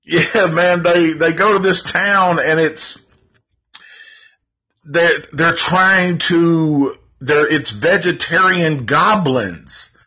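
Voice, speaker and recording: A man's voice: on the high side, drawn-out words, pushed and bright, breathy edge. A man reviewing movies in a rambling, laid-back, profane way on a casual live stream. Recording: dull lo-fi audio.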